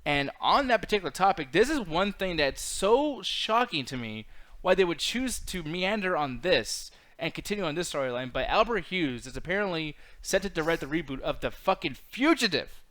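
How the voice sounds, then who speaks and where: A man co-hosting a casual pop-culture podcast speaks emphatically, swearing freely and reading chat comments out loud. His voice is on the high side, very animated, fairly bright, and at normal speed.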